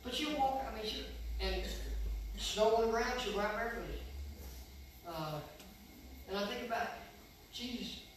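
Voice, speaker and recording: A man's voice: very high-pitched, measured pace, long pauses. Older male pastor, folksy sermon, distant mic in a reverberant sanctuary with faint noise. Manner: folksy preaching, swings from soft to loud. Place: church sanctuary. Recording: echoey church from far off.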